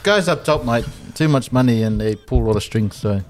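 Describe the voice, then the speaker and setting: A man's voice: medium pitch, expressive, a little fast. A man co-hosting a casual podcast chat, joking and laughing often. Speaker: podcast co-host.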